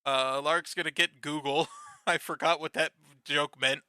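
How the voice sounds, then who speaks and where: Male podcast co-host, bright and upbeat, laughs a lot, casual swearing, dry close mic. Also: on the high side, fairly even intonation, clean tone, no echo. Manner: laughs often, swears, acts out lines in quick bursts. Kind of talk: casual chat recapping a TV episode.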